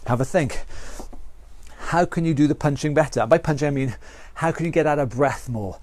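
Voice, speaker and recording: British male fitness coach, fairly high voice, upbeat cueing and countdowns, leads a home workout. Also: normal speed, a little mellow, slight background noise. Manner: encouraging, counts down and calls out moves. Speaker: fitness instructor. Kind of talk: online exercise class instruction.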